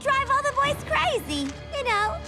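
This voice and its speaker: An actress voicing a giddy young woman villain with a squeaky, sing-song, teasing voice. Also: sing-song, a little slow, exaggerated voice. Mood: pleading, playful. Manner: playful, teasing. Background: game music.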